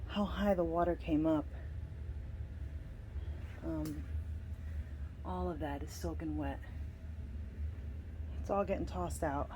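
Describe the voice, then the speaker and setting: A woman filming a vlog walkthrough of her flooded basement, upset and halting as she holds back tears. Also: fairly low pitch, dark tone, a little hiss or hum, poor audio. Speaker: vlogger, homeowner.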